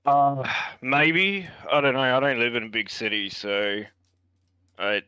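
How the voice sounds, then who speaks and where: Aussie dude on a voice call, lowish bright voice, dry sound, rambles with lots of uhs. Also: male voice, unhurried, clean tone, no echo. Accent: Australian. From Australia. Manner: relaxed, rambling, hesitant with many fillers. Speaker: guest on a stream. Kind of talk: casual gaming chat. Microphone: voice chat call.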